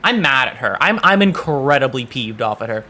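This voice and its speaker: A man's voice: mid-range voice, big pitch swings, normal speed, bright, forceful tone. A man streaming a game and chatting casually, exasperated, swearing often and stumbling over restarts. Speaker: VTuber streamer. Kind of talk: casual gaming stream chat.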